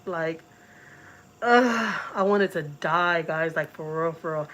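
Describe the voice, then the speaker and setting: A woman's voice: low voice, steady tone, measured pace, fairly bright tone. A middle-aged woman from Texas, telling a story in a casual, emotional way to her vlog viewers and repeating words as she goes. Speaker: family vlogger.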